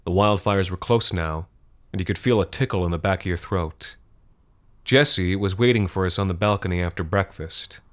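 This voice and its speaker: A man reading a scripted horror story in a measured, grim manner. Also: low-pitched.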